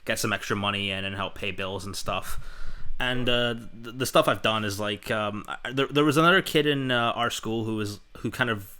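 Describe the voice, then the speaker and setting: Low, bright-toned young man, rambling. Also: moderate pace, clear, resonant tone. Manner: rambling, full of fillers, enthusiastic. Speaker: podcast host. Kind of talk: casual chat.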